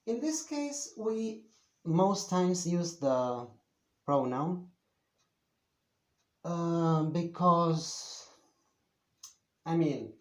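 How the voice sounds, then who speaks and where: A man's voice: fairly high pitch, animated. Patient male teacher, at a board in a roomy, echoing room. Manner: slow, patient, with many pauses and fillers. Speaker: Spanish teacher. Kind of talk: beginner language lesson at a whiteboard.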